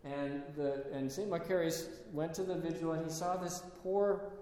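A man giving a sermon, telling stories in a halting, conversational way with many restarts. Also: on the high side, dark tone. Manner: storytelling, halting with restarts and fillers. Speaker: preacher. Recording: echoey hall with long reverb.

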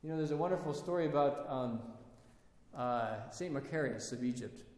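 A man giving a sermon, telling stories in a halting, conversational way with many restarts. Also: medium pitch, a little mellow. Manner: storytelling, halting with restarts and fillers. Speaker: preacher. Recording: echoey hall with long reverb.

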